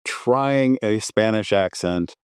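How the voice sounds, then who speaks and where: Guy on a movie podcast, smooth clear voice, thoughtful, keeps restarting sentences, dry mic. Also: fairly low pitch, takes it slowly, no echo. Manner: thoughtful, trails off and restarts while recalling. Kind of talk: casual film podcast chat.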